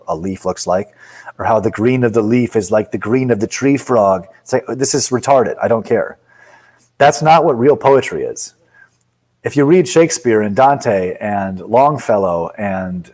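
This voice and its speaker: Blunt, opinionated man with a lowish voice. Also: a little mellow, low-quality recording. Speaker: guest poet and author. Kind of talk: casual interview chat.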